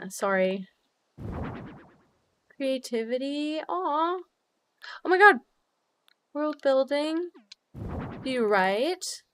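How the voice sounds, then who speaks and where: A young woman streamer chatting casually with her viewers while decorating in a game, bubbly and quick to swear. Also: a little high, a little hiss or hum. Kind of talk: casual live-stream chat while gaming.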